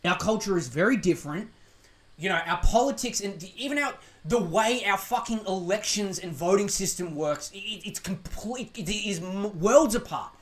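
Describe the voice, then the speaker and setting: A man's voice: high voice, animated, moderate pace. A man with an Australian accent hosting a podcast, delivering a profane, sarcastic, rambling monologue. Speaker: podcast host. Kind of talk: casual ranting monologue. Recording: echoey room.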